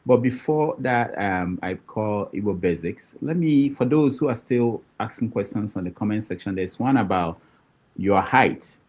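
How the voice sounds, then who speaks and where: A man's voice: fairly low pitch, lively intonation, moderate pace, a little mellow. A man hosting a talk show, moving between questions with many hesitant fillers. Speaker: host.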